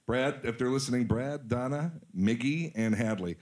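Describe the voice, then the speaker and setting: A man in his forties talks loosely with a host. He jokes, mocks himself, and keeps turning his stories into bits. His voice sits at a middle pitch. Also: moderate pace, crowd noise. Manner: joking, self-mocking storyteller. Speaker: podcast guest, actor. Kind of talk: casual chat.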